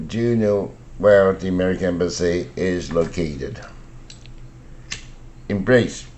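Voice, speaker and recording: Older man slowly reading English word lists. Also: sits low, a little mellow, slight background noise. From Taiwan. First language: Mandarin. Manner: slow, deliberate word-by-word reading. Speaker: English pronunciation teacher. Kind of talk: reading vocabulary words and example sentences.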